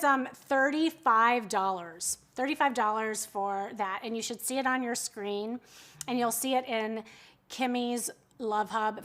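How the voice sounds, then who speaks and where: A woman with a high, fairly bright voice hosts a live shopping stream. Her casual selling chat is chatty and giggly, and she often breaks off mid-sentence.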